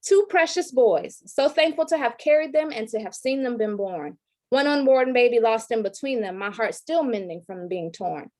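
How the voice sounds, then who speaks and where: A woman's voice: a little high, expressive, normal speed, a little mellow. A woman in her thirties, an educator giving an online training talk and reciting a spoken-word poem in an earnest, rhythmic way. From Detroit, raised in Georgia. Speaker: presenter, educator. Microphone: video call.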